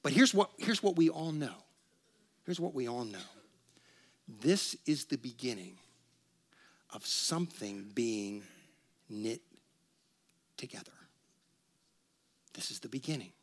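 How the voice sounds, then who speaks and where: A man's voice: mid-range voice, expressive, slow pace, long pauses. A man preaching a sermon in a church, talking with the congregation, leading them in reciting, and joking along the way. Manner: conversational preaching with humor and call-and-response. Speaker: pastor. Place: church sanctuary.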